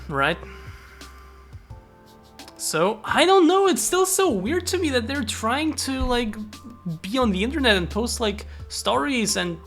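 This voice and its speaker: A woman's voice: mid-range voice, a bit bright. A young woman streaming live, chatting casually with viewers, thanking them and swearing freely.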